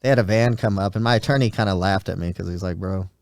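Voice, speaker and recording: Guy in his 40s, kinda low smooth voice, rambly storytelling, dry close sound. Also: rapid-fire, no room sound. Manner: rambling, acts out quoted dialogue. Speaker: podcast host. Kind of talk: casual storytelling.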